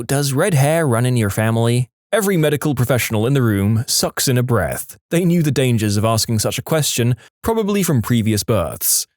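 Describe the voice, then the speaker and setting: Lively male story narrator. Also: mid-range voice, no room sound, studio quality. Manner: lively storytelling, brief comic quote voices. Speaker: narrator reading stories. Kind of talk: scripted narration.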